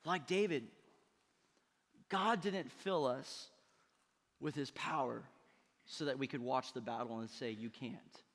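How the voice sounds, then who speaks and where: A man's voice: medium pitch, a little slow, pauses often, fairly bright tone, long reverb tail. A male pastor preaching a sermon with emphatic delivery, tossing questions to the congregation. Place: church sanctuary.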